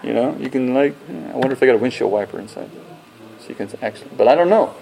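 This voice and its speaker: A male pastor delivers a sermon in a relaxed, folksy manner. He talks to the congregation as if chatting, with homespun comparisons and dry joking asides. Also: medium pitch, fast, gravelly, rough recording.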